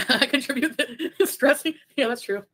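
A woman's voice: high-pitched, moderate pace, a bit bright, a little hiss or hum. A woman co-hosting a casual livestream, reading chat messages with sarcastic remarks and frequent laughter. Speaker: livestream co-host.

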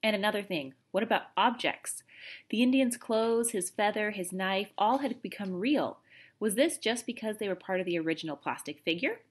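A woman reading a children's novel aloud in an expressive, animated storytelling manner. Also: mid-range voice, normal speed, breathy edge. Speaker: audiobook reader.

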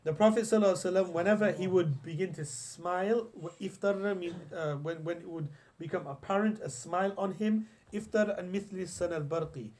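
High-pitched and brisk, with hardly any pauses and a somewhat dark tone, this young English teacher leads a classroom lesson on hadith. He narrates casually, restarting often and reciting Arabic phrases.

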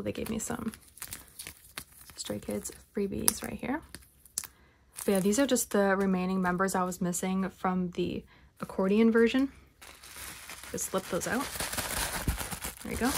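Excitable young woman gushing over a haul. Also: medium pitch, slight background noise. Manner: gushing, excitable, chatty fan with laughs and whispered asides. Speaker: K-pop collector vlogger. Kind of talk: casual unboxing haul vlog.

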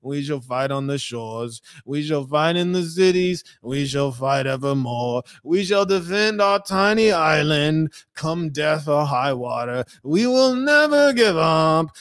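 A man doing a slow, mock-grand wartime orator. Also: on the high side, lively intonation, a bit bright, smooth, no room sound, studio quality. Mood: mock-solemn. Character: wartime British prime minister giving a defiant speech, older man.

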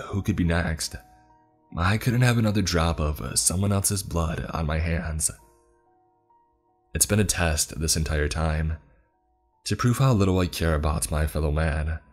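A man narrating a horror story in the first person, measured and somber. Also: rumbling low.

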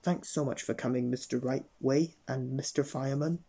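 A man's voice: mid-range voice, fairly even intonation, normal speed, mellow, slightly rough. A man voicing a cheerful, muddled, scatterbrained woman in a children's storybook reading, breezy and distracted.

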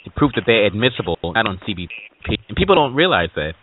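A man's voice: lowish voice, big pitch swings, quick pace, very noisy. A man who works as a waiver consultant, giving confident, reassuring advice in casual podcast chat. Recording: dry tinny phone-line audio.

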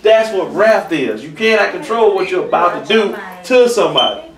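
Man, church elder; animated conversational preacher, high pitch, recorded from a distance. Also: moderate pace. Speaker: church elder teaching a lesson. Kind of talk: preaching a Bible lesson. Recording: roomy echo, from far off the mic.

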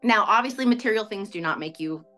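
A woman's voice: mid-range voice, expressive, quick pace, bright, forceful tone, soft background music. A woman guest telling a personal story in a chatty, self-questioning way, with lots of "like". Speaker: interview guest. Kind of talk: casual storytelling.

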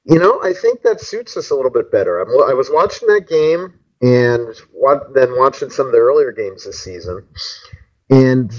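A man co-hosting a sports fan podcast, talking in a relaxed, wry way with lots of ums and uhs. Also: mid-range voice, normal speed, muffled recording. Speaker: podcast co-host. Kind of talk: casual chat.

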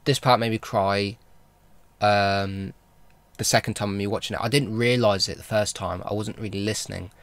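A man's voice: lowish voice, a bit bright. A man vlogging a casual film recap, rambling and enthusiastic, with lots of fillers and restarts. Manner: enthusiastic fan talk.

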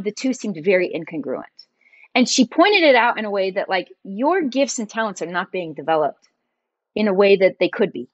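A middle-aged woman, a podcast guest, telling her story in a lively conversational way. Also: mid-range voice, no room sound, highs cut off. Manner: animated, acts out quoted dialogue in her stories. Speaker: podcast guest, entrepreneur and designer.

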